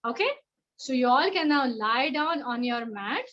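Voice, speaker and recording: High-voiced, animated Indian woman teaching kids. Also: measured pace, highs cut off. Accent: Indian English. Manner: animated, sing-song and encouraging. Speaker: children's yoga teacher. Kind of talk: playful online kids' yoga class.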